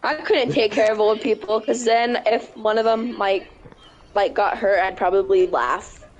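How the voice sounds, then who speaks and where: A woman's voice: medium pitch, a little slow, dull audio. A woman chatting casually with a friend, full of teasing, crude jokes. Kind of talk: casual chat.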